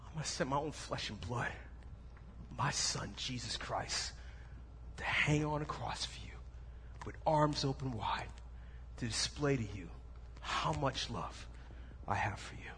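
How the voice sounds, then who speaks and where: A pastor delivers a sermon in a church sanctuary, his medium-pitched voice shifting from animated delivery down to a soft, slow intensity. The room carries echo and faint background noise.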